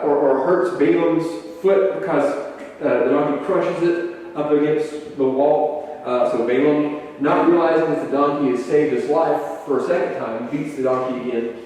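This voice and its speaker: A man's voice: fairly high pitch, a little slow, a little mellow. Man teaching a Bible class in an echoey hall. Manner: retells stories loosely with many "uh"s and restarts. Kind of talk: conversational Bible lesson. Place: church meeting room. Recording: echoey hall from a distant mic.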